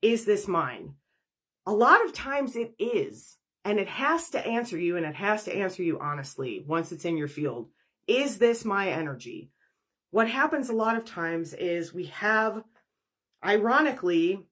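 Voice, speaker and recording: Woman doing a spiritual podcast, lowish voice, chatty, acts out little inner conversations. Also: fairly bright tone. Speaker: professional energy worker.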